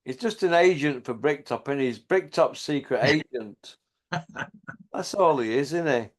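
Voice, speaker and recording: A man's voice: a little high, expressive, moderate pace. A man hosting a casual, jokey chat and mocking people in slangy banter. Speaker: channel host. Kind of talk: casual banter about boxing.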